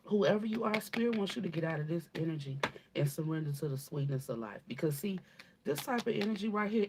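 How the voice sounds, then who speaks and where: Lively and quick, with a low-sitting voice on a very noisy recording, this spiritual reader channels a message for her viewers. She's blunt and casual, cursing, calling people baby, and repeating points emphatically with frequent "okay?"s.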